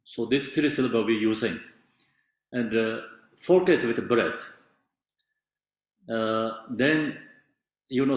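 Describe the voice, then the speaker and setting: Slow, halting man in a very echoey room. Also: medium pitch. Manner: halting non-native English, many fillers; patient, unhurried explaining. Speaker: meditation teacher. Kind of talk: meditation instruction.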